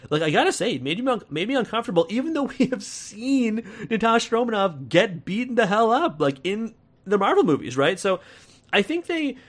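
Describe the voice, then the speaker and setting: A man's voice: high-pitched, big pitch swings, a little fast. A man with an American accent giving a casual, rambling film review, full of fillers and restarts, with wry laughs.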